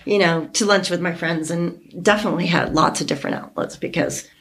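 Woman, podcast host, tearful, heartfelt, halting, fairly low pitch. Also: a bit bright. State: teary. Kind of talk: emotional casual chat.

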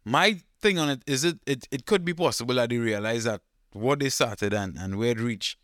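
A man talks through his opinions in an easygoing podcast chat. His voice is smooth and clear, recorded dry and close with no room sound. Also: mid-range voice, no echo. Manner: relaxed, rambling, drawn-out thinking aloud. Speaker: podcast co-host. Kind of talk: casual chat.

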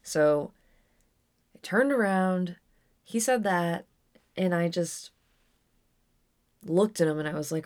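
A woman's voice: lowish voice, slow, gravelly, pauses often, darkish tone. A young adult woman telling a personal story on her podcast in a candid, rambling way with frequent restarts. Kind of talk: casual storytelling monologue.

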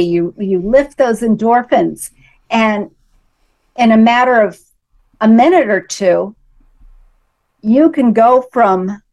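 A woman hosting a casual conversation, retelling things in a measured, earnest way. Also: a little high, a little mellow.

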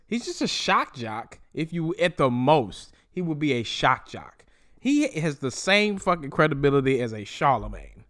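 A young man hosting a solo podcast, ranting in a profane, animated way and mocking people in quoted voices. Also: on the high side. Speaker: podcast host.

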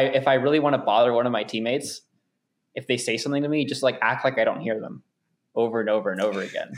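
Young guy runner rambling thru stories, laughs a lot, everyday voice. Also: medium pitch. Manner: laughs often, rambling storyteller. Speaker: marathon runner guest. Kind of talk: casual chat.

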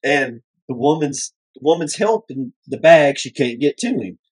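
A man telling a story on a podcast with lots of starts and nervous chuckles. His pitch jumps up and down as he talks. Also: expressive, moderate pace, breathy edge. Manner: hesitant, giggly storyteller. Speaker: podcast co-host. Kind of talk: casual storytelling.

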